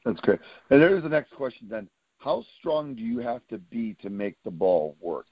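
A male podcast host asks quick questions and answers with short, upbeat affirmations. His voice sits in a middle range, and the recording sounds dull and lo-fi, with a dry, close feel. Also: mid-range voice, animated, breathy edge, no room sound. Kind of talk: podcast interview.

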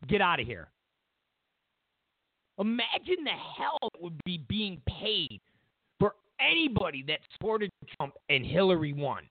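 A man hosting a political commentary show, ranting loudly and mockingly, slipping into put-on voices for the people he quotes. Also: high-pitched, sing-song, a little slow, no echo, narrow, tinny audio.

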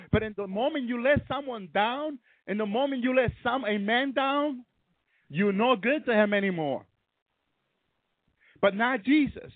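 A man's voice: sits high, no echo, phone-quality sound. A man preaching a sermon with fervor, often breaking into hallelujahs. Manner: fervent, peppered with hallelujahs.

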